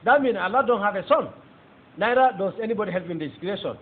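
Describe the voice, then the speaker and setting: A man's voice: sits high, animated, fast. A man with a Nigerian accent giving a fervent, emphatic testimony sermon as a preacher. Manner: fervent, emphatic, rising into exclamations. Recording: tinny phone-like audio with faint noise.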